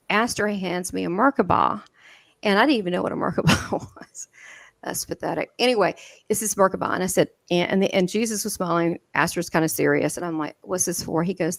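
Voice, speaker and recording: A woman with a Southern American accent telling stories in an interview, lively and laughing often, with many restarts. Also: fairly low pitch, a little fast, creaky, dry recording. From southern United States. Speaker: guest medium. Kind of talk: animated storytelling in an interview.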